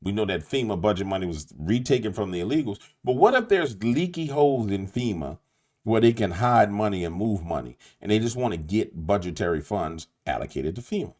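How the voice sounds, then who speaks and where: A man's voice: lowish voice, very animated, fairly quick, a little mellow. A man with a New Orleans accent, hosting a late-night commentary monologue in an emphatic, preachy way, talking straight to his viewers. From Louisiana. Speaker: YouTube host.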